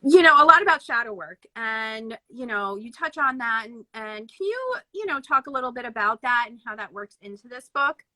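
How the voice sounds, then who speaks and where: A woman's voice: fairly high pitch, animated, moderate pace, few pauses, pushed and bright, dry recording, rough recording. A woman interviewing a guest, stuffy from allergies, enthusiastic and full of praise. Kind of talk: casual interview chat.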